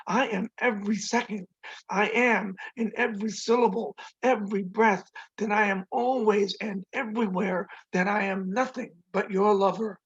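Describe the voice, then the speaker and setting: A man in his sixties reading his own poems slowly and deliberately at a virtual book launch. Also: sits high, slightly rough. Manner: slow, deliberate recitation. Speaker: poet reading his work. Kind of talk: poetry reading. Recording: dull lo-fi video call audio.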